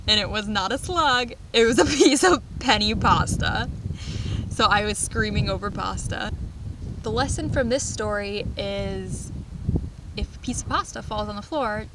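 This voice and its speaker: A young woman vlogging outdoors on a farm, casually telling funny stories with lots of laughs and excited squeals. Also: on the high side, noisy background. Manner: animated, laughing, squealing when retelling scares. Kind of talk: casual storytelling vlog.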